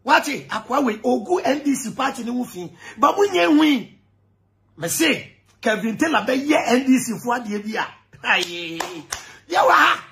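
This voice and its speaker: A man with a Ghanaian accent giving an animated political rant, shouting and laughing as he mixes English with Twi. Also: very high-pitched, moderate pace, gravelly. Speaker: commentator.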